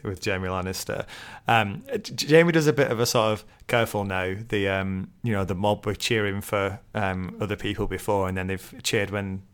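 A man's voice: on the low side, clean tone. A man co-hosting a podcast, chatting and laughing often as he recaps. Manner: laughs often, hesitant with fillers. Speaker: podcast co-host. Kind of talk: casual chat recapping a show.

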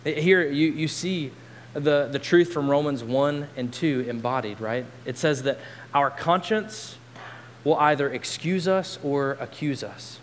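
A man preaching a sermon as pastor, earnest, lifting his voice for quoted scripture and dropping low to press a point. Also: a little slow. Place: church sanctuary. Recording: long hall reverb, faint hum.

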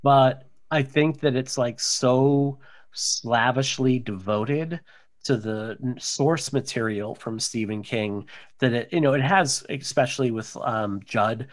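A man's voice: medium pitch, slow pace. A man co-hosting a podcast, rambling casually about horror movies with many fillers. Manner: rambling, lots of "like" and "um". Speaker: podcast co-host.

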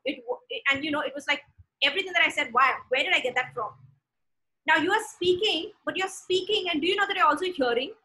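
A woman's voice: high voice, pushed and bright, low-quality recording. A woman preacher teaching from the Bible, reading verses aloud and explaining them with repeated questions to her listeners. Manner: reads scripture aloud, then explains it with rhetorical questions.

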